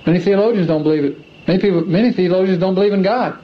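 A man's voice: high-pitched, rapid-fire, a little hiss or hum. Earnest man giving a testimony. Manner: earnest, repeats phrases for emphasis. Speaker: former athlete giving a religious testimony. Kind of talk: personal testimony speech. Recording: dull lo-fi archive recording.

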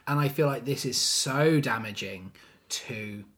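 A man's voice: mid-range voice, measured pace, a bit bright. A man co-hosting a casual film review chat, talking in an opinionated, emphatic way. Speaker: podcast co-host.

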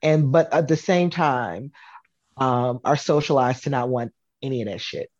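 A woman co-hosting a podcast in casual chat, thoughtful and measured in how she weighs things. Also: very deep voice, darkish tone, dry recording, dull audio. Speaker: podcast co-host.

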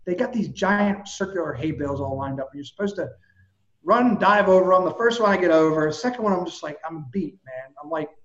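A man's voice: fairly high pitch, lively intonation, a little fast, fairly bright tone, echoey room, muffled recording. A man, a personal trainer, animatedly recounting a personal story in casual talk and swearing now and then. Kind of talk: casual storytelling in a podcast chat.

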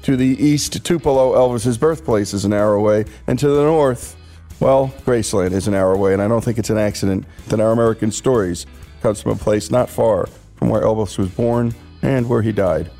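A man's voice: lowish voice, brisk, dark tone, faint music behind. A man hosting a radio show, presenting in an earnest, scripted way.

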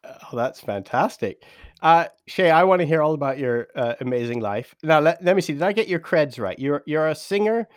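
British man, podcast host, slightly high voice, dry close sound, lively interview chat. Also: moderate pace, no echo. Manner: chatty, animated, laughs easily.

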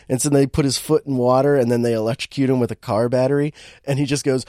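A man's voice: medium pitch, level tone, quick pace, dark tone, no room sound. Rambling, amused man, close and dry. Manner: rambling, amused, with many fillers and restarts. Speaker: podcast co-host recapping a movie. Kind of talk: casual chat.

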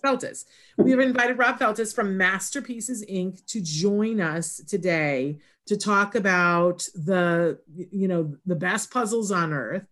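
A woman's voice: mid-range voice, slow, few pauses, a bit bright. A woman hosting a casual interview, telling a personal story with a reflective, storytelling manner before introducing her guest. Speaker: host.

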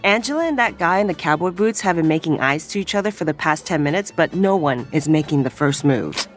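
A woman's voice: deep voice, expressive, fairly quick, soft background music. An actress playing an upbeat young woman who eggs her friends on.

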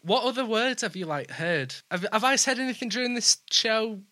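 A man with a Yorkshire accent, a presenter in easygoing, quick chat. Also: high-pitched, expressive, sharp tone. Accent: Yorkshire English. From Yorkshire, England. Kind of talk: casual chat.

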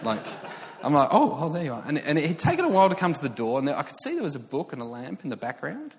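Chatty English preacher in a hall. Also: male voice, fairly high pitch, fast talker. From England. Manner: chatty and self-mocking, with many fillers and restarts, rising excitement. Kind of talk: sermon storytelling.

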